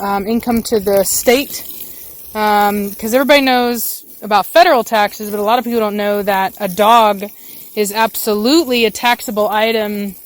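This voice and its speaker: A woman dog breeder chatting casually in her backyard while she waters the garden, rambling along with lots of fillers. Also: mid-range voice. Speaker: dog breeder and channel host.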